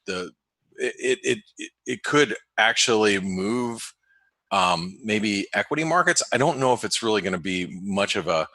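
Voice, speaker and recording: A man hosting a webinar, giving casual market commentary in a halting way, full of restarts and fillers. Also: fairly low pitch, animated, pushed and bright, no room sound. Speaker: webinar host and market analyst. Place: home office in the desert.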